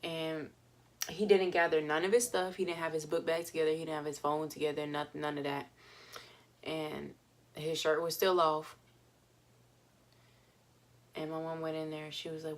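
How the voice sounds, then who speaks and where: A woman's voice: deep voice, level tone, moderate pace, long pauses. A young woman vlogger telling a story in a chatty, casual way, with lots of fillers and laughs.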